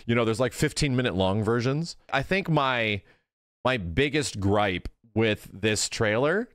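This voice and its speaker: A man's voice: medium pitch, animated, a little slow, a bit bright. A man hosting a casual gaming reaction video, talking loosely and breaking into exasperated, ranting outbursts.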